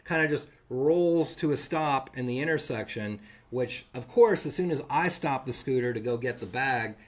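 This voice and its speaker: A man's voice: mid-range voice, expressive, normal speed. A man co-hosting a podcast, telling a funny story in casual chat and acting out the other people's lines. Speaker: podcast co-host.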